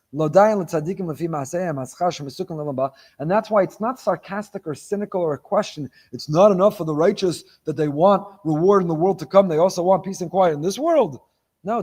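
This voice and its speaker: A rabbi giving a sermon on the weekly Torah portion. He asks rhetorical questions, stacks phrases for emphasis, and mixes Hebrew terms into his English. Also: fairly high pitch. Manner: animated, repeats phrases for emphasis.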